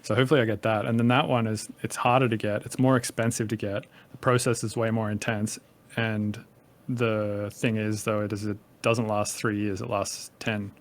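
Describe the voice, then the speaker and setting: A man's voice: on the low side, flat delivery, moderate pace. Rambling man with a light Australian accent. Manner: rambling, filler-heavy, casual swearing. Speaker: podcast guest, music producer. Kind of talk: casual conversation.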